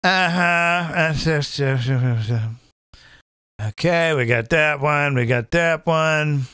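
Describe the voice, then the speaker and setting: Male comedy host, high and bright, big pitch swings, dry close sound, profane rant. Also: slow pace, clear, resonant tone, no echo. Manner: animated, profane, addresses viewers as folks. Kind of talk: live comedic political rant.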